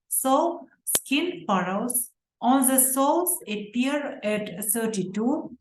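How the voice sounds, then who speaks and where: Slow, careful woman lecturing in an echoey room. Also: mid-range voice. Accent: Uzbek. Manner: careful, deliberate reading with hesitant fillers and self-corrections. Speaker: medical lecturer. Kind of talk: slide lecture on pediatrics. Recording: roomy echo.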